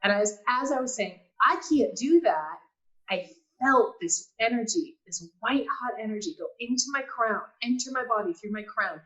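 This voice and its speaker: A woman telling a personal story in casual talk, animated, acting out quotes and often laughing. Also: a little high, normal speed, hardly any pauses, low-quality recording. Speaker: guest.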